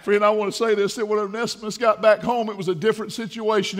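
A man preaching a sermon in a church, fervent, moving from hushed passages to shouting. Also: high-pitched, little pitch movement, quick pace, hardly any pauses. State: dry mouth. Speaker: pastor. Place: church sanctuary.

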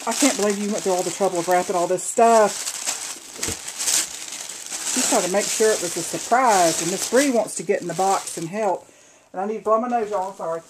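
A chatty woman opens a box of craft goodies at home and gushes over each piece to her viewers. She talks at an ordinary pitch, in a casual, friendly vlog manner, with a faint noise floor behind her. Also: brisk. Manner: gushing and chatty, addressing viewers as y'all. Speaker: crafter opening a swap box.

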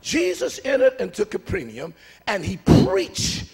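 A man preaching a lively sermon, talking with the congregation and swinging between shouted lines and hushed asides. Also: high-pitched, measured pace, vocal fry, breathy edge, big-room sound. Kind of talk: call-and-response sermon. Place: church sanctuary.

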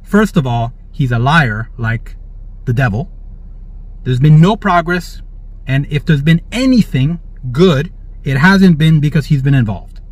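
A man with a slightly high, breathy, animated voice speaks at a measured pace while hosting prophetic religious commentary. He reads the news aloud in a jubilant mood, breaking in with praise and often asking listeners "all right?" The recording is dull, dry, and lo-fi.

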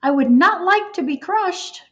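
A woman's voice: very high voice, lively intonation, unhurried, voice pushed up, exaggerated voice. A woman voicing a timid little mouse. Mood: worried. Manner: timid and gentle. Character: small polite worried male mouse. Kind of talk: storybook read-aloud.

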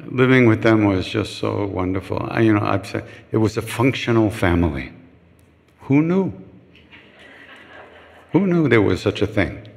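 Older man, gravelly, telling stories. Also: on the low side, expressive, fairly quick. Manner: anecdotal, frank and joking, acts out quoted voices. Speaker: chant leader answering questions. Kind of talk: casual storytelling talk. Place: retreat hall with a live audience. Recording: long reverb of a large room.

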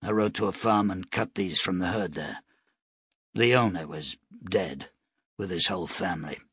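A man's voice: sits low, moderate pace, husky, no room sound, clean studio sound, pitched below the performer's own voice, heavily acted. A man doing a laconic frontier gunman. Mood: matter-of-fact. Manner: quiet, matter-of-fact, clipped. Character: laconic, hard-bitten male frontier gunman.

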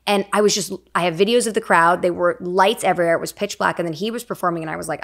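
A woman chatting casually as a guest, animated and playfully teasing. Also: lowish voice, rapid-fire, creaky, few pauses. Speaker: guest, partner of the host's son. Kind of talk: casual chat.

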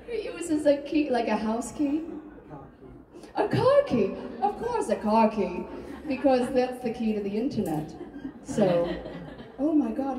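A woman's voice: fairly high pitch, far from the mic. A woman improvising live comedy on stage, chatting with the audience in a self-mocking way and laughing often. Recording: echoey live venue, voice from afar, loud music.

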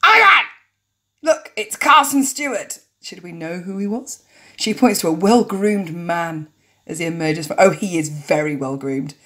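A woman's voice: on the low side, moderate pace. A woman narrating and commenting casually on a story game, chatty and joking as she goes. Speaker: let's play narrator.

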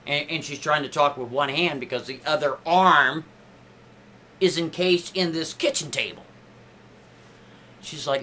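A man telling a made-up story in a casual, chatty way, pushing his pitch up for emphasis. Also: slow pace, pushed and bright, a little hiss or hum.

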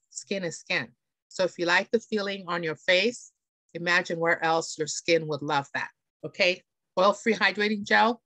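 A woman's voice: mid-range voice, a bit bright, no room sound. A woman presenting beauty products in a chatty, enthusiastic way, often checking in with her audience. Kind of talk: live product demonstration. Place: home, on camera.

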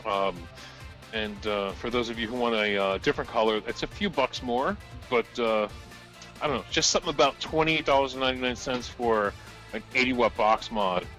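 A man's voice: mid-range voice, normal speed, faint music behind. Joking man hosting a live deal show. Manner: loose, joking, laughs often, bursts into loud outbursts. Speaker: co-host presenting deals. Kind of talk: casual live-stream chat.

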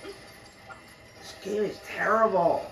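A man's voice: high voice, extremely slow, vocal fry, a bit bright. A man giving let's play gameplay commentary, frustrated, swearing and muttering to himself while playing. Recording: roomy echo with game music. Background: game music.

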